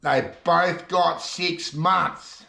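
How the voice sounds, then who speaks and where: A man's voice: on the high side, fairly even intonation, extremely slow, vocal fry, bright, forceful tone, roomy sound. An Australian man telling jokes in a rambling, chatty way as a casual comedy vlogger. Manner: rambling, chatty joke delivery. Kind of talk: casual joke telling to camera. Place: shed.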